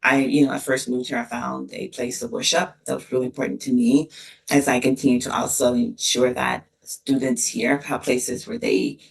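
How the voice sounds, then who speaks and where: Middle-aged woman, university dean, interview guest; earnest and emotional, gravelly voice, recorded off-mic. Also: extremely low pitch, level tone. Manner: earnest, emotional, many pauses and restarts. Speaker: associate dean of students, podcast guest. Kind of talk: casual interview conversation. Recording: distant mic.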